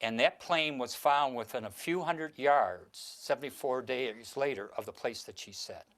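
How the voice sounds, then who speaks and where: A man's voice: medium pitch, moderate pace, fairly bright tone. A man performing mentalism on stage, giving the audience theatrical instructions and sometimes stumbling over his words.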